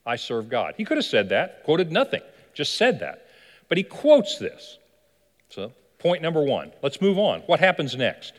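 A man's voice: a little high, huge pitch swings, unhurried. A man preaching a sermon as pastor, telling a story animatedly and asking the listeners questions. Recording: long hall reverb.

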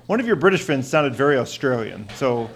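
A man's voice: very animated, brisk, gravelly. A father hosting a silly family podcast, teasing and joking with his guests and laughing often. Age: adult parent. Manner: goofy, teasing, laughs often, swoops up high in mock surprise. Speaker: podcast host interviewing kids' characters. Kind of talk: playful comedic podcast chat.

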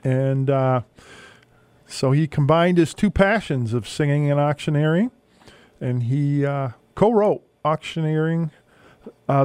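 A man hosting a radio show, casually introducing songs with frequent hesitant pauses. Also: medium pitch, a little mellow, no room sound. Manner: hesitant, many filler pauses. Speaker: radio host.

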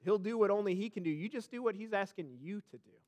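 A male pastor preaching a sermon, emphatic and direct with the congregation, swelling to loud peaks and dropping back soft, often repeating his words. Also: high voice, fast talker.

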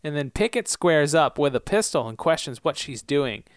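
A man's voice: fairly high pitch, expressive, normal speed, dry recording, studio quality. A man co-hosting a podcast in casual chat, recapping TV episodes in a laid-back, joking way. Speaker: podcast co-host.

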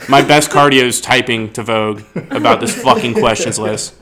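A man's voice: medium pitch, fairly even intonation, moderate pace, crowd noise. A man hosting a casual comedic chat, answering questions with crude jokes and rambling made-up stories. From United States. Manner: crude, riffing, jokey storytelling. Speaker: podcast host.

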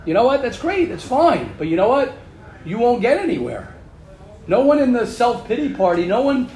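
A man with a high voice leads a religious class in a motivational style. He drives his points home by repeating phrases and addressing students directly. The sound is roomy and echoey. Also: slight background noise. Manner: emphatic, repeats key phrases, speaks straight to students. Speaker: teacher leading a religious class. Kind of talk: animated motivational class talk. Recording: echoey room.

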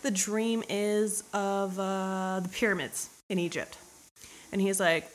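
A young woman casually recapping a novel for laughs, crude and irreverent, slipping into quick voices for the characters. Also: mid-range voice, steady tone, a little hiss or hum. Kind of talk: casual comedic book recap.

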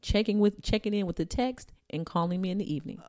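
A woman's voice: medium pitch, quick pace, dark tone, dry recording. A woman co-hosting a casual chat show, playfully demanding and dramatic, swearing freely. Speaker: podcast co-host.

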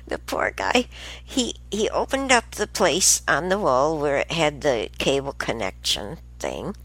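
Lady rambling thru a story, low voice, bouncy and slow, lots of little laughs and asides. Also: sing-song, a bit bright. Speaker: show host. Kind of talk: casual monologue.

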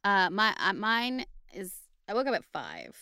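A woman co-hosting a casual podcast in a relaxed, chatty way with easy laughs. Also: medium pitch, a little slow, clean tone, no room sound. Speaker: podcast co-host. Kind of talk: casual chat.

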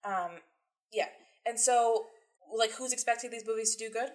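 A woman co-hosting a podcast, chatting rapidly and animatedly with lots of fillers. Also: on the high side, fairly even intonation. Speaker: podcast co-host. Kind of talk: casual chat.

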